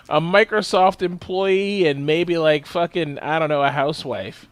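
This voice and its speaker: A man co-hosting a podcast in casual chat, telling animated stories, swearing often and laughing as he rants. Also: a little high, a little slow, few pauses, clear, resonant tone, no echo. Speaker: podcast co-host.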